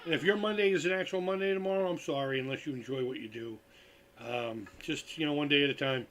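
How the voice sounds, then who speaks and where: A man's voice: fairly high pitch, quick pace, fairly bright tone, soft background music. A tired man hosting a live stream, telling stories in a loose, profane, casual way. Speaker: livestream host.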